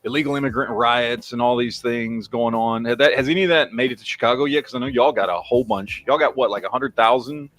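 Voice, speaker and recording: A man's voice: mid-range voice, quick pace, hardly any pauses, a bit bright. A middle-aged man with a Texan accent hosting a casual livestream, rambling and swearing as he reads out viewer names. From Texas. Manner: rambling, profane, reads chat names aloud. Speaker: livestream host.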